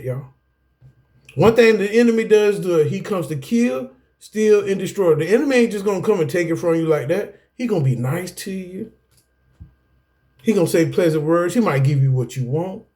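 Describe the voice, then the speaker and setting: A middle-aged man with a fairly high voice speaks in an anger management class. He tells his own story like a preacher, animated and direct, and keeps calling out to the listeners. He often swings his pitch up and down for emphasis. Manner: animated, preacherly, repeats "guess what" and "y'all". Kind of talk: personal testimony lecture.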